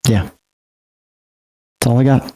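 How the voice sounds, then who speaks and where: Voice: slow pace, dark tone. A tabletop player speaking in character in a casual, defensive, insistent way.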